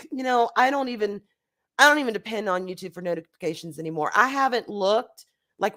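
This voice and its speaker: A woman hosting a casual livestream, hoarse and congested from a recent flu, chatty and laughing as she greets her chat. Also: medium pitch. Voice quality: nasal, congested. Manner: chatty, laughing, swings between loud bursts and quiet asides. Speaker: livestream host. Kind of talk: casual chat reading live chat.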